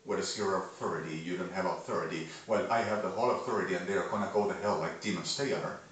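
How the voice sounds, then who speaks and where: A man, delivering a rambling monologue to camera and veering from low muttering to shouting. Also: fast talker, distant mic, a little hiss or hum. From Argentina. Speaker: vlogger. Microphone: phone camera. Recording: echoey room, voice away from mic.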